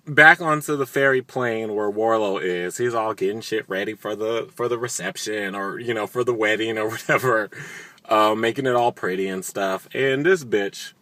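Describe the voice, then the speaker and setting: A man's voice: fairly low pitch, normal speed, sharp tone, no echo. A man casually recapping a TV episode, chatty, sarcastic and profane. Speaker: video recap host.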